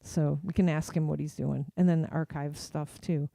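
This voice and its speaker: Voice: mid-range voice, fairly even intonation, normal speed, creaky, warm tone, no room sound. A radio show host in a casual studio chat, rambling with many fillers and restarts, and now and then acting out quoted voices.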